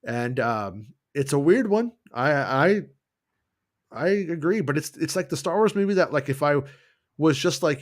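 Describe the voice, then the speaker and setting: A man's voice: on the high side, lively intonation, unhurried, no echo, studio quality. Rambling casual male show host. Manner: rambling, restarts, jokey put-on voices. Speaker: host of a fan news show. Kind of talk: casual livestream chat.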